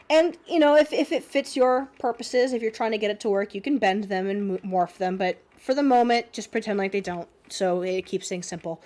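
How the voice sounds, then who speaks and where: A woman's voice: a little high, a little mellow. A young woman with a slight cold giving an unscripted drawing lesson, thinking aloud with many fillers. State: sniffly cold. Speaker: art teacher.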